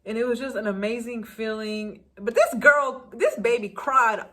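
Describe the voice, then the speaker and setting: A young woman vlogger telling a personal story in a candid, animated way. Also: a little high, normal speed. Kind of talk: story time vlog.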